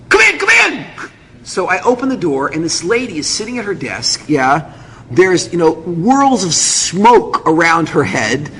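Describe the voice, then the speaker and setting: A man, a rabbi, telling a personal story to an audience and acting out the voices of everyone in it. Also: high voice. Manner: animated, acts out every voice. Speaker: rabbi and speaker. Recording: long hall reverb, faint noise.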